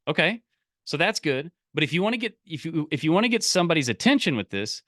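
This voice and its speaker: A man coaching a live online group, energetic and full of restarts and repeated words. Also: a little high, quick pace, no room sound, studio quality. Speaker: business coach.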